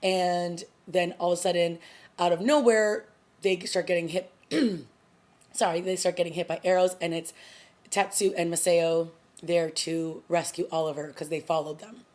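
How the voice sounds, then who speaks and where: A woman with a fairly low-pitched voice talks through a TV episode in a loose, chatty vlog recap. She is a young adult who retells the plot casually, leaning on "like" and "you know" as she goes. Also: fairly even intonation, moderate pace, darkish tone. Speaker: TV review vlogger.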